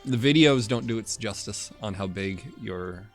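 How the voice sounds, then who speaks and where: A man's voice: fairly low pitch, normal speed, faint music behind. A man playing in a tabletop game stream, chatting casually in a game shop room, jokey and easily startled. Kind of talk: casual chat. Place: indoors in a game shop's back room.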